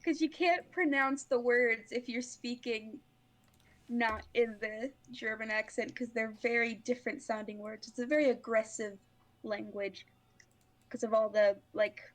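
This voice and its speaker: A woman's voice: fairly high pitch, steady tone, a little slow. A woman playing a tabletop game, chatting casually and telling a story with lots of "like". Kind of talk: casual chat.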